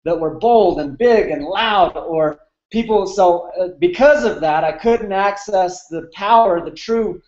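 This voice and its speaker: A man's voice: high voice, a little slow, a little mellow, roomy sound, muffled recording. A man in his thirties telling a candid, emotional personal story as an interview guest, with many fillers. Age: 30s.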